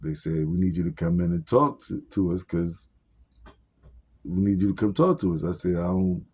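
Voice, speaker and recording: A young man tells a personal story in loose street slang, swearing freely and filling gaps with fillers. His voice sits low and dark. It carries a husky edge as he acts out each exchange. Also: normal speed.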